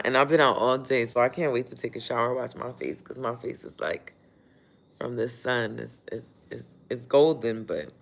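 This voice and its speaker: A man's voice: mid-range voice, gravelly, a bit bright. A man hosting a casual livestream, chatting and motivating viewers, reading their comments aloud and laughing often while he works. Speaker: livestream host.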